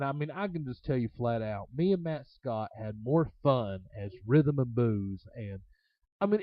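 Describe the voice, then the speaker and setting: An interview guest and former wrestler casually recounts road stories, rambling with plenty of fillers and laughter. His medium-pitched voice has no room sound, captured in a dull, lo-fi recording.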